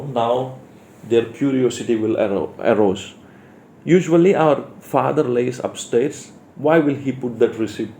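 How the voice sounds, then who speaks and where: A man's voice: medium pitch, dark tone, slight background noise. A male teacher with an Indian English accent explaining a play line by line, restating words for his class.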